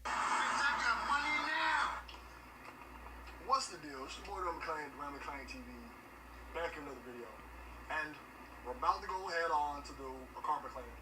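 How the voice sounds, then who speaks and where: A man's voice: fairly high pitch, sing-song, moderate pace, long pauses, echoey room. A man voicing a made-up cleaning-channel host with a strange, unplaceable accent, in a distant, noisy clip played back from a video. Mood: chatty.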